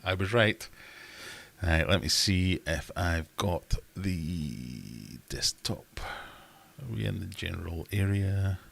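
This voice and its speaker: A man's voice: low voice, expressive, slow, creaky, a bit bright. A man in his twenties hosting a livestream quiz in a casual, jokey and self-mocking way, reading questions aloud. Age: 20s. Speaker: livestream host and quizmaster.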